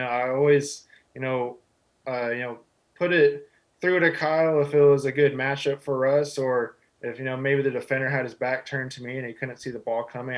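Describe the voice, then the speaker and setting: On poor audio, a Texan man in his twenties who plays quarterback is interviewed as a guest. He speaks in a mid-range voice, relaxed and modest, dropping "you know" frequently.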